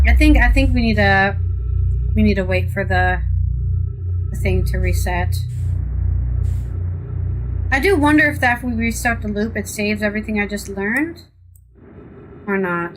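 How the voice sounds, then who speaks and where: A woman's voice: mid-range voice, noisy background. An American woman streaming a game, chatting casually and rambling with sarcastic asides. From United States. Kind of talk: casual live-stream chat while playing.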